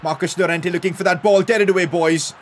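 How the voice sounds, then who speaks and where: A young man doing live commentary over a football video game, calm play-by-play breaking into loud excited outbursts. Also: sits high, quick pace, a little hiss or hum. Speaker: gaming YouTuber.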